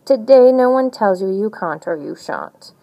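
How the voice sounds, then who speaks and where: A woman's voice: mid-range voice, animated, a little slow, gravelly, warm tone, poor audio. A woman voicing an eager, bossy birthday bird that hurries a child along in a storybook reading. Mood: coaxing.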